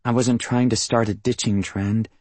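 A man voicing a quiet, withdrawn teenage girl in a storybook reading, with a low-key delivery. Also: fairly even intonation, moderate pace, dry recording, close to an everyday voice. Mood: subdued.

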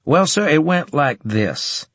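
A man voicing a brash young male soldier who talks in a cocky, loud and direct way, in a dry studio recording. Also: fairly high pitch, very animated, slow pace, slightly rough, no echo, voice pushed up, heavily acted. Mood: bold.

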